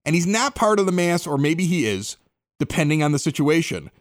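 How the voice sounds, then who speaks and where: A man's voice: on the high side, big pitch swings, brisk. A middle-aged man with a Chicago accent, hosting a podcast and telling a story in casual chat, acting out the dialogue. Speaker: podcast host.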